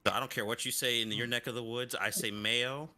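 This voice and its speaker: A man's voice: medium pitch, fairly even intonation, brisk, a crowd in the background. A man hosting a stream, bantering casually and giving blunt, joking opinions.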